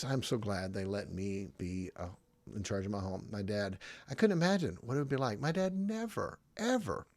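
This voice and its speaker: A man's voice: medium pitch, dry recording. A middle-aged man, a pastor, giving casual podcast teaching in a conversational, emphatic way, often checking in with "okay?".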